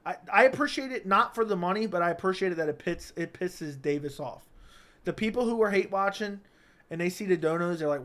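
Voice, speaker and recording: A man hosts a casual livestream from his home setup, reading out chat messages. He jokes crudely and needles his viewers, his voice sitting a bit high for a man. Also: fairly quick, fairly bright tone. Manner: crude, joking, teasing chatters. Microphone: studio dynamic mic.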